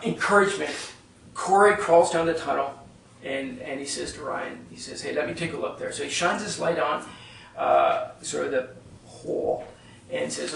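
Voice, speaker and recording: A man's voice: on the high side, gravelly, recorded from a distance. A man leading a workshop, telling a story to a live audience in a conversational way and often checking in with "right?". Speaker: workshop leader. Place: retreat meeting room with live audience. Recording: echoey room, speaker off-mic.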